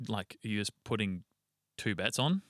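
A man's voice: fairly low pitch, animated, unhurried, a bit bright, no room sound, clean studio sound. A young man, co-hosting a casual sports podcast and rambling through team news with casual swearing. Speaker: podcast co-host.

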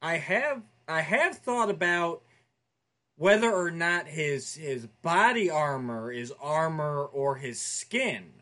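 A man's voice: on the high side, slow pace. A man co-hosting a casual podcast chat, playful and joking about toys and cartoons. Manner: playful, jokey, animated. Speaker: podcast co-host.

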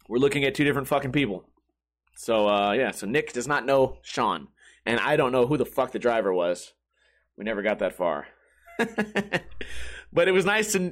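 A man's voice: on the high side, a bit bright. A man in his thirties in a profane, rambling monologue, swearing constantly and laughing between lines. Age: 30s.

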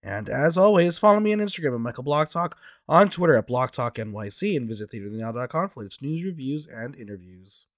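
Male podcast host, hoarse from allergies, gravelly and animated, recorded dry. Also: medium pitch, quick pace, few pauses, no room sound. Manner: animated and chatty. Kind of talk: casual podcast chat.

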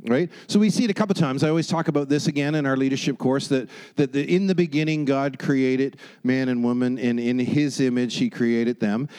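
A man's voice: medium pitch, fairly even intonation, brisk, few pauses, a little mellow, clean tone, low-quality recording. A man preaching a sermon, talking emphatically and often checking in with "right?" and "amen?". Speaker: pastor.

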